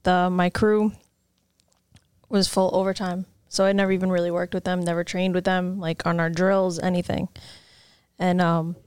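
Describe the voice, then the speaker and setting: A woman's voice: on the low side, flat delivery, normal speed, a little mellow, smooth, dry recording, studio quality. A woman ferry captain, recounting a river rescue in a plain, matter-of-fact way during a casual interview. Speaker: ferry captain, podcast guest.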